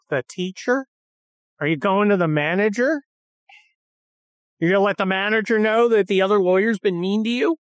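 A woman in casual, profane chat, animated and mocking. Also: mid-range voice, a little fast, long pauses, dry recording, clean studio sound.

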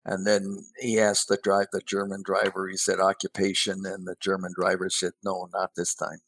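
An older man talking as a guest columnist in a casual chat, halting and repeating words before he gets going. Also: deep voice, monotone, fairly bright tone, husky.

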